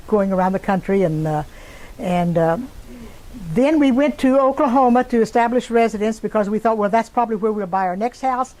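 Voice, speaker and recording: An older woman telling a personal story in an interview, pausing often with fillers and restarts. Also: medium pitch, a little mellow, poor audio. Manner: halting, many fillers and restarts. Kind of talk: casual spoken recollection.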